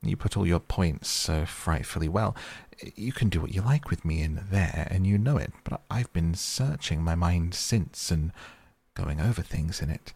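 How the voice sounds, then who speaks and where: A man with a gravelly, husky voice voicing a boastful, reckless male toad gentleman in a storybook reading, impatient and emphatic, with high gleeful bursts. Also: no echo, full character voice.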